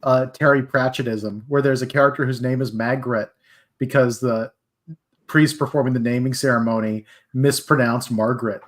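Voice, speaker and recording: A man's voice: medium pitch, fairly even intonation, moderate pace. A man hosting a livestream, chatting casually and enthusiastically with nerdy asides. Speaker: stream host.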